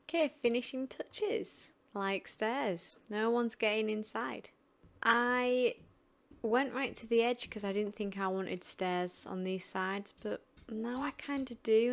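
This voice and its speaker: A woman chatting casually as she narrates building in a video game, thinking aloud about each choice. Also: medium pitch. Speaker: gaming channel host.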